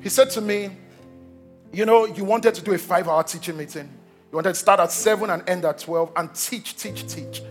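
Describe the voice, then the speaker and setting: Nigerian male pastor, 30s, high pitch, animated storytelling sermon over soft music. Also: normal speed. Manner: animated storytelling, repeats words, acts out quotes.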